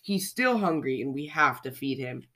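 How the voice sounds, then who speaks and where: A storyteller reading a children's story and voicing an excitable, reassuring father bird. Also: medium pitch, moderate pace. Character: proud, eager father bird.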